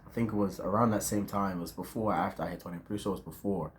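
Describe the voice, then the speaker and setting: A man's voice: deep voice, fairly even intonation, racing, a little hiss or hum. A man of twenty in a casual, reflective vlog monologue, full of slang and fillers, talking outdoors at dusk. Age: 20s. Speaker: vlogger.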